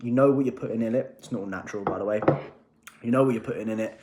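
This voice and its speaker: A man's voice: fairly low pitch, very fast, mellow, reverberant. A man, rambling and swearing cheekily in a casual vlog from his home kitchen. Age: 20s. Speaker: fitness vlogger.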